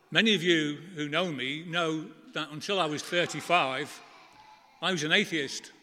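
Preaching with earnest, conversational warmth, a middle-aged man uses emphatic pauses to make his points. His bright, forceful voice sits a little high, each phrase trailing into long church reverb over slight background noise.

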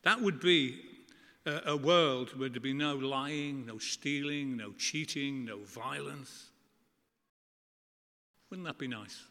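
A middle-aged man preaching a sermon to a church congregation, earnest and conversational, with emphatic pauses. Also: medium pitch, sharp tone. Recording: long church reverb.

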